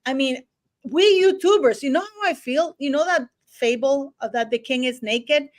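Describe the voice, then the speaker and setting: A woman hosting a live-stream chat, talking in an animated, excited way. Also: high-pitched, moderate pace. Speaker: channel host.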